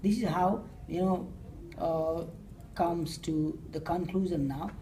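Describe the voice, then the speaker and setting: A woman giving a class presentation of survey results, talking hesitantly with frequent fillers and pauses. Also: lowish voice, fairly even intonation, warm tone, slight background noise. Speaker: student presenter.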